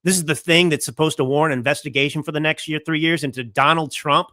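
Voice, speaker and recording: A young man hosts his own political commentary show, firing off indignant rhetorical questions in a combative rant. His voice is bright and forceful and sits a little high. The sound is dry and close, with no room around it. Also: steady tone, fast talker, dry recording. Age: young adult. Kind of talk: fiery political commentary monologue. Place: California home studio.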